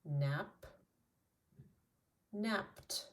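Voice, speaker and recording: A woman from Canada teaching an English lesson, repeating words slowly and clearly. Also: fairly low pitch, recorded from a distance. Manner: slow, deliberate repetition of single words.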